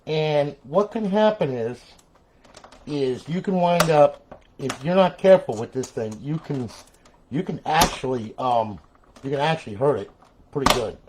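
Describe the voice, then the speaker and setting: A man's voice: fairly high pitch, animated, a little slow, background noise. A man live-streaming a console repair, ranting in frustration, repeating himself and talking straight to his viewers.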